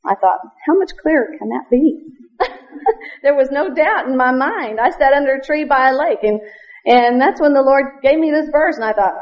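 A woman giving an earnest church testimony as a missionary, laughing often and quoting scripture in old-fashioned wording. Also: a little high. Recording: dull lo-fi recording.

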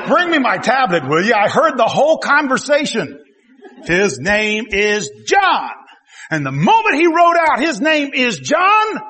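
A man preaching a sermon, telling the story in a folksy way and swinging from quiet asides to loud exclamations. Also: very high-pitched. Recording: long hall reverb.

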